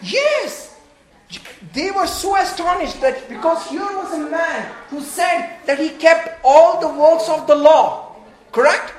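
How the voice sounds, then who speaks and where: A woman preaching a sermon, animated and full of rhetorical questions, laughing between phrases. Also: extremely high pitch, slow. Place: church hall. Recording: echoey room.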